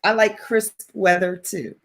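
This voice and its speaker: A woman's voice: medium pitch, fairly even intonation, a little slow, a bit bright, slight background noise. A woman joining a live talk show as guest, greeting the host in a friendly, playful way.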